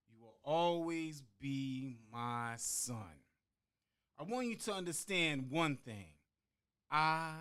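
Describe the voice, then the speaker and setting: A man performs a personal spoken-word monologue with a bright, high-pitched voice. He takes his time, pausing dramatically between phrases. Now and then he slips into the voices of the people in his story. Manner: dramatic, rhythmic delivery with long pauses on key words; acts out quoted voices within the story. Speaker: podcast guest performing a monologue.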